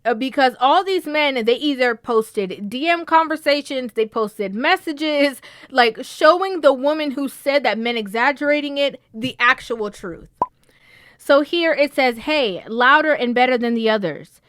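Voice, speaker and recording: A woman hosting a casual commentary vlog, animated, often breaking into laughter and tossing in a questioning "okay?". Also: high-pitched, measured pace. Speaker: vlog host.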